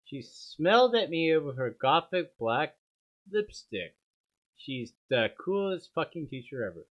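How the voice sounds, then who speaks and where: A man's voice: on the high side, sing-song, a little slow. A man doing a comedic dramatic reading, with sardonic asides and laughter at the text. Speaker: streamer reading aloud. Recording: dull lo-fi stream audio.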